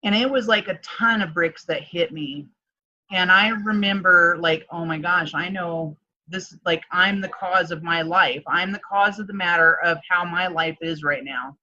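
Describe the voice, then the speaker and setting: A woman coach telling a personal story in a casual interview, animated and chatty, often acting out what others said. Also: lowish voice, unhurried, lo-fi sound. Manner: animated, acts out quoted dialogue, frequent "like". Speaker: guest, transformation coach.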